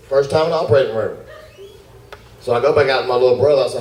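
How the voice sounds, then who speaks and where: A man doing stand-up comedy, telling a fast, animated story and acting out his own panic. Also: medium pitch. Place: comedy club with laughing audience. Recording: roomy, distant club recording with noise.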